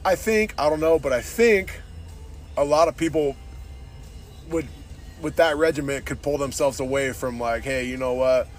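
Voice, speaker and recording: A man's voice: a little high, normal speed, pauses often, soft background music. Profane, blunt man ranting on a podcast. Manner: profane, says "dude" constantly; blunt and opinionated. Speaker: podcast host. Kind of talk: casual podcast rant.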